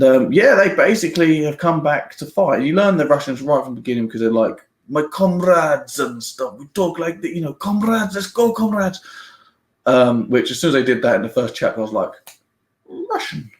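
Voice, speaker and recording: A man giving a casual spoiler review of a book, chatty and rambling, laughing often and restarting his sentences. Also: medium pitch. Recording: roomy echo.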